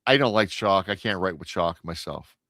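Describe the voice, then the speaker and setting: A man with a low voice, guesting on a paranormal radio program, recounts an eerie encounter in a relaxed, lively way, slipping into the voices of the people involved and stumbling through many restarts. He talks at a normal pace, miked close and dry with no room sound at all.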